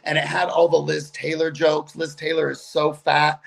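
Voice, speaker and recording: A man's voice: a little high, vocal fry, slight background noise. A middle-aged man, a guest comedian, telling stories animatedly over a video call. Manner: animated, chatty, quick asides. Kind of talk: casual storytelling on a video call.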